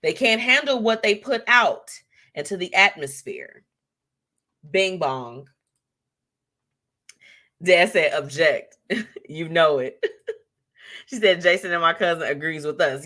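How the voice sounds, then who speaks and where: Her tone sharp and her intonation lively, a woman runs a live show at a slow pace with long pauses. She keeps things casual and conversational, laughing often and tossing in slangy remarks, while her pitch rises and falls in reaction to viewer comments.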